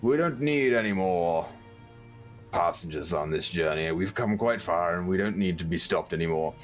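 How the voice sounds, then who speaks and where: A man's voice: deep voice, lively intonation, moderate pace, faint music behind. Man playing a curt old wagon driver. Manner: curt and dismissive. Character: gruff older man driving a wagon.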